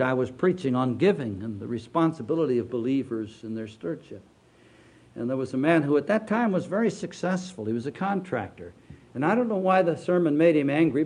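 An older man, a pastor, preaching a sermon, dropping low and quiet then rising loud with slow, drawn-out emphasis.

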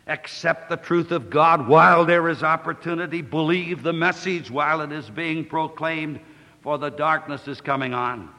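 A man preaching a sermon, reading scripture in a declamatory way, slowing and rising on the quoted verses. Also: a little high, bright, forceful tone. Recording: long hall reverb.

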